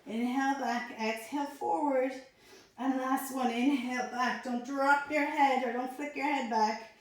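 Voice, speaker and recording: A woman instructor guiding a pilates abs workout, calmly cueing each breath and movement, a little out of breath. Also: sits high, measured pace. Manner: calm, encouraging, counts breaths and cues. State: slightly out of breath. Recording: echoey room.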